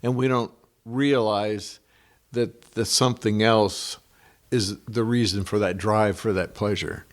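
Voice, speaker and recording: A man in a casual spiritual discussion group speaks in a rather low voice. He talks slowly and reflectively, taking his time over each thought. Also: fairly even intonation.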